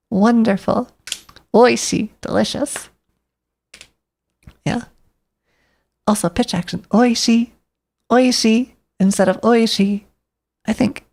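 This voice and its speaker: Woman streamer, loose rambling chat, gravelly fry in her voice, mid-range pitch. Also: a little mellow. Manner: rambling, thinking aloud, talking to herself.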